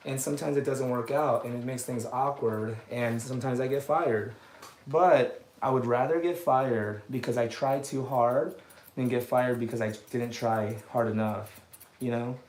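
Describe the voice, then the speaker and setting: A man's voice: mid-range voice, darkish tone, reverberant, a little hiss or hum. A man, a dog groomer, chatting casually while he grooms, rambling and poking fun at himself, laughing at his own jokes.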